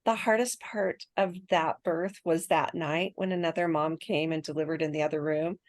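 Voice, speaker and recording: A woman's voice: sits low, steady tone, normal speed, no room sound. A woman in her sixties, a podcast guest, telling her birth story in a chatty way and laughing often.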